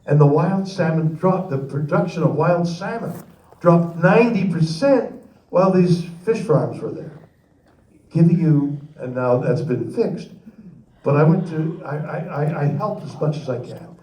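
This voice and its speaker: A man in his nineties telling a rambling, halting story as a guest speaker at a convention, recorded from the crowd. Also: on the high side, expressive, dark tone. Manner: rambling, halting, with emotional pauses. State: near tears while telling the story. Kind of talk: storytelling and audience Q&A. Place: large convention hall. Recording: echoey hall from far off, audience recording.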